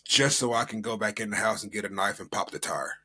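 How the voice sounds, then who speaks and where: A man's voice: fairly low pitch, fast talker, pushed and bright, breathy edge. Rambling American man chatting casually. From United States. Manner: rambling storytelling with many fillers. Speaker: podcast co-host. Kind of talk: casual chat.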